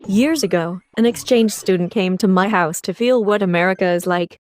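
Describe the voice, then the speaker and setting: A woman's voice: medium pitch, moderate pace, darkish tone, dry recording. Plain-spoken woman with a dry sound. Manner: plain retelling, swears. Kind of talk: casual storytime.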